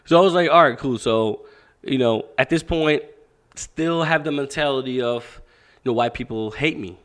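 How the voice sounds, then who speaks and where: Man, young adult, boxing coach, podcast guest, profane, animated, acts out dialogue, mid-pitched voice. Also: normal speed. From Pakistan. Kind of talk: candid storytelling interview.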